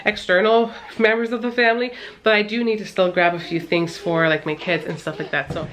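A woman's voice: mid-range voice, little pitch movement, brisk, background noise. A woman in her thirties chatting casually to her vlog viewers, rambling with lots of fillers and little laughs. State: out of breath. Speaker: mom vlogger.

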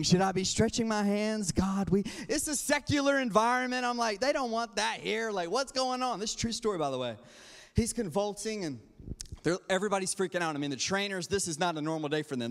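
A young male youth pastor with a notably high voice preaches with lively storytelling energy. His words ring out with a long hall reverb, as if across a church sanctuary. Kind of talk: sermon.

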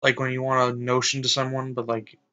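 A man's voice: mid-range voice, monotone, quick pace, pushed and bright, smooth, lightly acted. A man doing a laid-back buddy. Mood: easygoing.

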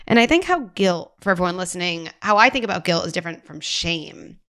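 A woman podcast host and psychologist, measured and affirming as she explains ideas to her guest. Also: on the low side, animated, fairly bright tone, dry recording, studio quality. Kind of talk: podcast interview.

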